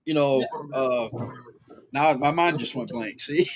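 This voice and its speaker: A man's voice: mid-range voice, wildly swooping pitch, slow, a crowd in the background. A man hosting a podcast, chatting casually and reading out viewer comments, often restarting his sentences. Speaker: podcast host.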